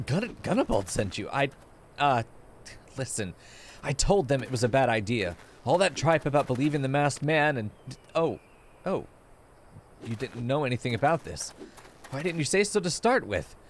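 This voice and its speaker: A man's voice: medium pitch, sing-song, moderate pace, pauses often, slight background noise, lightly acted. A man reading aloud the lines of a nervous young man from a game, stammering and flustered.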